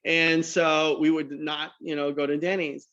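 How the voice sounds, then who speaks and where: A man telling a business story on a podcast, acting out the dialogue with lively energy. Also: a little high, a little slow, dull audio. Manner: animated anecdotal storyteller, acts out dialogue. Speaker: guest entrepreneur.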